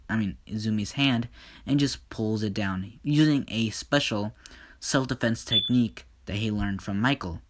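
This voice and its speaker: A man narrating an improvised fan story in a casual, rambling way. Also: lowish voice. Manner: slow, casual, with many "and just".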